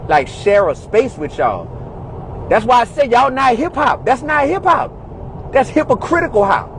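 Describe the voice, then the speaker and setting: Exasperated high-voiced man ranting. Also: sing-song, measured pace, a bit bright, slight background noise, low-quality recording. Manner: exasperated, preachy, repetitive. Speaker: commentator in a played clip. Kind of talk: ranting monologue.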